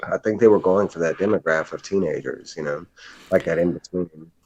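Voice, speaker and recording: A man from the East Coast chatting in a relaxed, drawling way. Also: low voice, brisk, breathy edge. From near New York State, East Coast. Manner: relaxed, drawling, says y'all. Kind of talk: casual chat. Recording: dull lo-fi remote audio.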